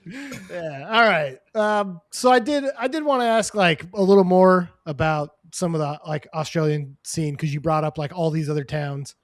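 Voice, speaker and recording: A man hosting a podcast interview in a relaxed, joking way, with lots of "dude" and "you know.". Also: a little high, moderate pace, no room sound, studio quality. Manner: laid-back, joking, says "dude" and "you know" a lot. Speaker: podcast host. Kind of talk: casual chat.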